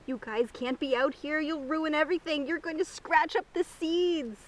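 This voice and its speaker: A woman's voice: high-pitched, fairly even intonation, normal speed, pitched above the performer's own voice, natural voice, rough recording. A woman reading aloud voices a fussy, flustered old man gardener in a picture-book story.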